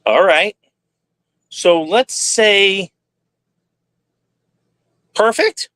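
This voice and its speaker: Male streamer, candid rambling monologue, tense bright tone, very dry recording. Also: high-pitched, very slow, smooth, dry recording. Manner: rambling, candid, talks to himself aloud. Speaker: livestream host. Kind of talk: casual livestream monologue.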